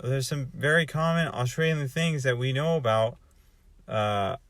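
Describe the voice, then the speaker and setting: A man's voice: mid-range voice, a little slow, a bit bright, dry recording. Rambling man musing aloud, dry sound. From North America. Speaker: vlogger. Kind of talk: casual monologue.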